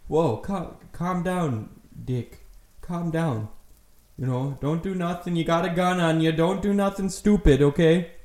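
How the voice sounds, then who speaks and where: A man, host of the show, playing a confused, rambling neighbor who keeps trying to calm someone down in an improvised comedy scene. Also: on the high side, measured pace, lightly acted. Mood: pleading. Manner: folksy, rambling, placating. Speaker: podcast host. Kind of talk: improvised comedy role-play. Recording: echoey room.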